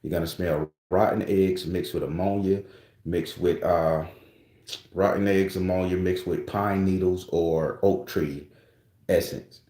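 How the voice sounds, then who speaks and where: A man's voice: deep voice, steady tone, a little slow, dark tone, reverberant. A man hosting his own channel, talking casually and loosely to his viewers, with rambling restarts and frequent swearing. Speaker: spiritual channel host.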